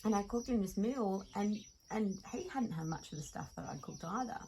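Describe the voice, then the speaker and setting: An Australian woman, appearing as a podcast guest, tells stories in casual chat, animated, laughing a lot and restarting sentences. Her voice is medium-pitched at a moderate pace, on a rough recording with a little hiss or hum.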